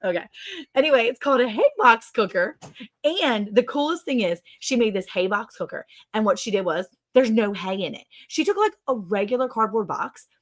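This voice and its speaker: A middle-aged woman hosting a casual livestream chat. She is chatty, quick to laugh, and fills her talk with "like". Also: on the high side, animated. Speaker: ranch channel host.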